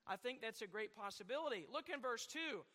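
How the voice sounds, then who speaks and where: Man preaching, very high voice, questions to the pews, long hall reverb. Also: expressive, a little fast, pushed and bright. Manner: rambling, asks the congregation questions. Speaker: pastor. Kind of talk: sermon.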